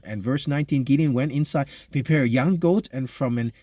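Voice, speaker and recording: Guy preaching, warm low-key voice, dry room sound, reads the verse then rambles through it with lots of ums. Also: no room sound. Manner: conversational, halting with many fillers and restarts. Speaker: pastor. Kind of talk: sermon reading scripture and explaining it.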